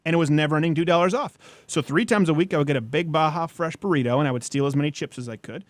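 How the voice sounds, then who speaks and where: Joking guy hosting a chat show, kinda high voice, dry close mic. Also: rapid-fire, no echo. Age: young adult. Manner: animated, joking, mock-formal sign-off. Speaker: host. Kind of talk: casual chat.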